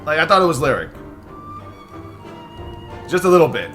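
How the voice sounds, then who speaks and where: Excitable, animated male streamer. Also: fairly high pitch, soft background music. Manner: excitable, stressed, swears, thanks subscribers rapidly. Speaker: livestream host. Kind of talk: live reaction stream chatter.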